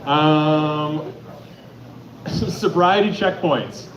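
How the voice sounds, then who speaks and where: Loud animated stand-up comic man. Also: fairly high pitch, extremely slow. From Atlanta, Georgia. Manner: loud, animated storytelling with sudden shouts. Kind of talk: stand-up comedy set. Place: comedy club on stage. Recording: echoey club from far off, noisy.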